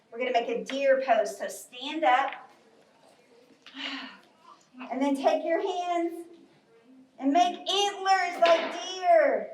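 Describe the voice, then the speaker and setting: A woman's voice: high voice, a little hiss or hum. A woman leading a live yoga story class for children in a library, giving cheerful, coaxing instructions. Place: library program room. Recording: echoey room, from far off.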